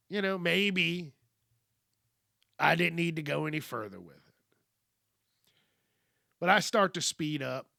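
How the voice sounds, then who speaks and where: A man hosting a podcast, telling a story in a casual, animated, profane and wry way. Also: fairly high pitch, vocal fry, dry recording, studio quality. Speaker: podcast host.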